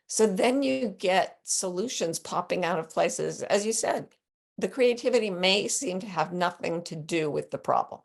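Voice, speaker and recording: A woman life coach and author as an interview guest, telling stories with lively acted-out quotes. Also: on the low side, vocal fry. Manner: animated storyteller who acts out quotes. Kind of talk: conversational interview.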